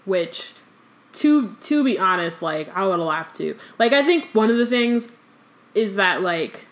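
A woman's voice: mid-range voice, expressive, unhurried. A woman co-hosting a podcast, chatting casually with fillers and reading a book aloud in between.

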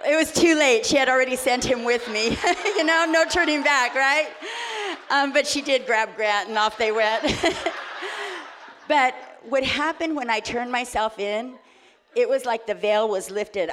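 Animated woman telling a personal story. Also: a little high. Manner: animated, laughing, acts out dialogue. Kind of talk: personal story told to an audience.

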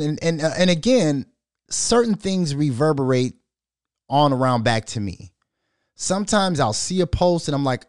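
Animated, profane man talking off the cuff. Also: on the high side, normal speed, dry recording, studio quality. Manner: animated, profane, rambling with restarts. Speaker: show host. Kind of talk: casual commentary monologue.

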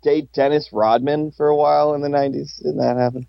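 A man's voice: a little high, level tone, fairly quick, creaky, no echo, dull audio. A man co-hosting a podcast in casual chat, rambling and joking, swearing casually. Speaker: podcast co-host.

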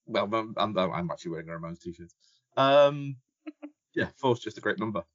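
Low-voiced man, dry close mic, halting talk, deadpan jokes on a podcast. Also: no echo, highs cut off. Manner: halting, stammering, dry humour. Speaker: podcast co-host. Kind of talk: casual football podcast chat.

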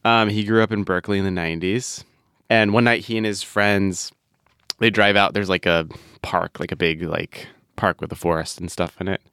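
A man retells a strange story on a podcast, relaxed and chatty. His voice is low and smooth. The sound is dry and close. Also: moderate pace, dry recording. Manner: relaxed, chatty, laughs often. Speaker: podcast host. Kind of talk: casual storytelling chat.

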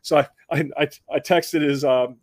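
A man hosting a podcast, telling a story casually with many restarts and animated impressions of the people in it. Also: fairly high pitch, moderate pace, dry recording, studio quality. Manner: animated, acts out other people in raised voices; conversational with frequent restarts. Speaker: podcast host.

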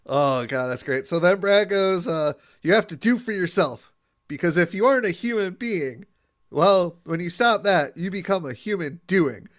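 Higher-voiced man in laid-back podcast chat. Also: expressive, normal speed, fairly bright tone. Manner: laughs often, trails off mid-thought. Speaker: podcast co-host. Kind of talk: casual chat recapping an episode.

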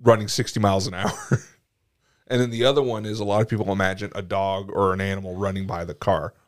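A man's voice: low-pitched, fairly quick. A man co-hosting a podcast, telling stories in casual chat, cursing freely and laughing often. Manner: swears a lot, laughs often, animated storytelling. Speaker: podcast co-host.

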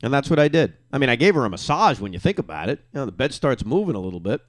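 A middle-aged man hosting a podcast alone, ranting with euphoric excitement late at night on little sleep, jumping from yelling to hushed asides. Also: mid-range voice, racing, no echo. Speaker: podcast host. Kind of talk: excited solo sports reaction.

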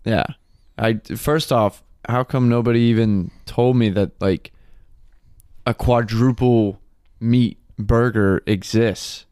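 A young man in his twenties chats casually as a podcast co-host, joking and excitable, swearing freely. His voice is smooth and resonant, recorded dry and close with no room sound. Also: medium pitch, slow, no room sound. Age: 20s. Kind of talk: casual chat.

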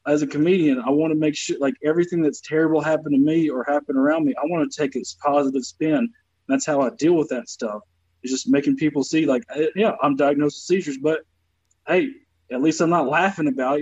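A young comedian tells stories in a husky, fairly high voice, swearing often as he jokes about hard times. The sound is dry and dull, like a lo-fi call. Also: darkish tone, no room sound. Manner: profane storytelling, joking about his troubles. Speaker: comedian guest. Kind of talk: casual podcast chat.

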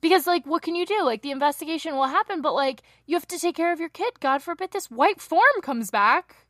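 A young woman co-hosting a true crime podcast, telling the case in a chatty, animated way and laughing often, tired from little sleep. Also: high voice, fairly quick, dry recording, studio quality. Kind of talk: casual true crime chat.

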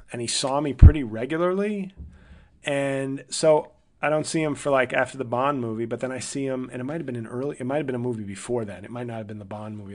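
A man hosting a podcast, telling a long personal story in a casual, rambling way, correcting himself as he thinks aloud. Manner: livelier and higher when quoting people. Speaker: podcast host.

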